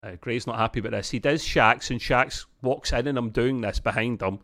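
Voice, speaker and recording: A man's voice: medium pitch, fairly quick, pushed and bright. A man co-hosting a casual podcast review of a TV episode, rambling along with many restarts and fillers and laughing often.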